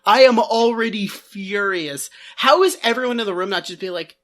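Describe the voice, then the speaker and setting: A woman's voice: mid-range voice, normal speed, hardly any pauses, fairly bright tone. A woman co-hosting a comedy podcast, rambling sarcastically with lots of filler words. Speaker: podcast co-host. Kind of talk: casual comedy podcast chat.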